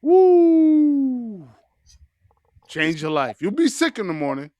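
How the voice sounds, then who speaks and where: A man's voice: on the high side, very animated, a little fast, dry recording. A man hosting a podcast, riffing in loose, profane, joking casual chat. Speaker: podcast host.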